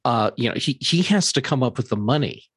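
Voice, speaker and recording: Husky man weighing in calmly. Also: mid-range voice, a little fast, no echo. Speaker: co-host giving analysis. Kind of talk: casual panel discussion.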